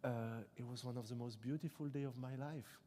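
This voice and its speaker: Speaking English as a second language, a French author in his twenties is interviewed live on stage in a debate hall, and the large space lends his voice a long reverb. His mid-range tone is mellow, darker and steady, and he's reflective and halting, often circling back to restart a sentence.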